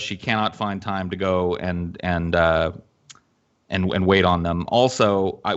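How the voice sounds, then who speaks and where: A man hosting a podcast, telling a story in a casual, animated and profane way with lots of fillers. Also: low-pitched, highs cut off. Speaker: podcast host.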